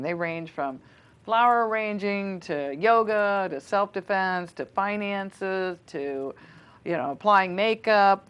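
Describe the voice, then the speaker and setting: Woman in her forties, low voice, chatty guest with lots of "you know"s. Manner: chatty, many fillers and restarts. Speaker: school foundation volunteer guest. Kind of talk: casual interview on local cable TV.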